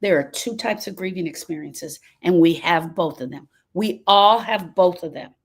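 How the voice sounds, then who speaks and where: A woman's voice: lowish voice, normal speed. A woman coaching on grief in a live stream, answering viewers by name. She repeats her points with emphasis and often sidetracks. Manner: emphatic and repetitive, restating points, prone to sidetracks.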